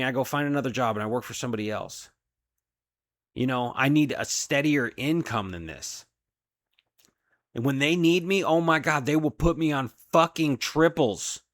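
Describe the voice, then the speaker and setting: A man's voice: medium pitch, a bit bright, no room sound, studio quality. A man, a delivery driver, venting in an angry, profane solo rant about his job. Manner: profane, heated, frustrated.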